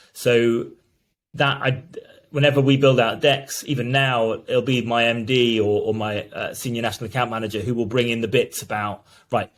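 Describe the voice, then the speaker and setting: A man, a brand founder, explaining his business earnestly as an interview guest. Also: medium pitch. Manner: earnest, explanatory, many restarts.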